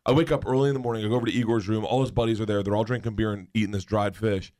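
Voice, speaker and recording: A man guesting on a talk show, telling animated anecdotes with frequent laughter and acted-out voices. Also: lowish voice, rapid-fire. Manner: animated, laughs often, acts out voices in stories. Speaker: guest storyteller. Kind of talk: casual chat, anecdote telling.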